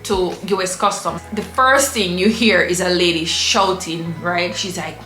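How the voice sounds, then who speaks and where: An animated woman telling a travel story to camera, lively and expressive. Her voice sits in a middle range and rings a little in a roomy space. Faint music is heard under her. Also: on the low side, a little slow. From Jamaica. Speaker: vlogger.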